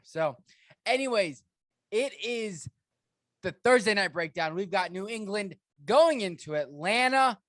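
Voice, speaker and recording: A man hosting a casual fantasy football podcast, energetic and joking in quick banter with his co-host. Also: high-pitched, no room sound. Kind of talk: casual sports podcast chat.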